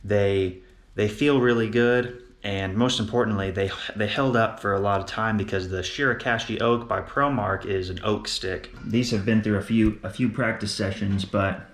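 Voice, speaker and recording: A man's voice: on the low side, steady tone, moderate pace, fairly bright tone. A young man, a drummer, casually explaining his drum kit and cymbals, often repeating words as he goes. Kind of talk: casual gear walkthrough. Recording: echoey room.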